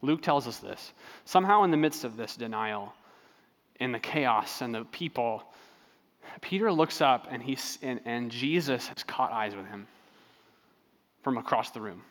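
A man preaching a sermon in a relaxed, conversational way, telling stories with frequent fillers and restarts. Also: mid-range voice, a little slow, in a large hall. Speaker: pastor.

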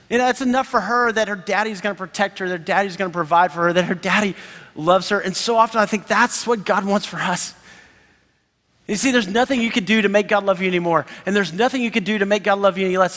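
A man in his thirties preaching a sermon as pastor, animated and enthusiastic, laughing often. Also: high voice, brisk. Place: church sanctuary. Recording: long hall reverb.

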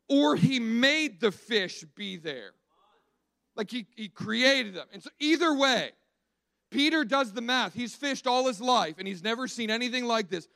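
A man preaching a sermon in an animated storytelling way, acting out the quotes he tells. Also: very high-pitched, unhurried, creaky, no echo.

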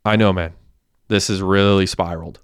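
A tense young accomplice, swearing and frantic, as a man reads him in an audiobook. The voice is low and smooth, with a close, dry sound. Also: fairly even intonation, moderate pace, no echo, lightly acted. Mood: urgent. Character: anxious young man called Sarge, cleaning up a crime. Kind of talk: audiobook character voice.

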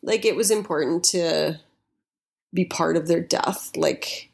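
Slow, gravelly-voiced woman. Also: lowish voice. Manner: slow, hesitant, soft-spoken. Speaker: conversation partner. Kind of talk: casual chat.

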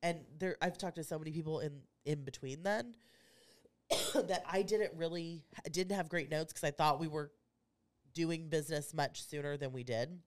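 A woman's voice: deep voice, normal speed. Chatty woman co-host. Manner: chatty, rambling, laughs easily. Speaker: podcast co-host, insurance agent. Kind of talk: casual chat.

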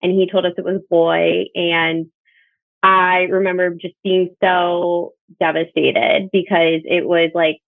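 A woman's voice: fairly low pitch, flat delivery, slow pace, vocal fry, no room sound. Woman telling a personal story over a tinny line. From Northern Virginia. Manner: earnest, reflective, quotes others in dialogue. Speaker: bereaved mother sharing her story. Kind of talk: personal testimony, conversational storytelling. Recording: tinny phone-like line, dry.

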